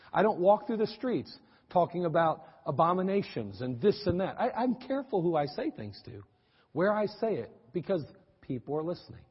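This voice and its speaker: Animated preacher in a reverberant church. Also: male voice, a little high, slightly rough. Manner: folksy, animated preaching with asides and teasing. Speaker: pastor. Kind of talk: sermon. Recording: dull, lo-fi audio with long church-hall reverb.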